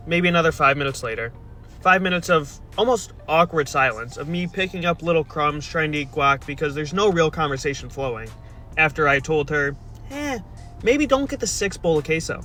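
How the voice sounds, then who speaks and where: Faint music sits under a played video clip in which a young storyteller recounts a casual tale. His voice is high and bright, his delivery deadpan, wry and exasperated.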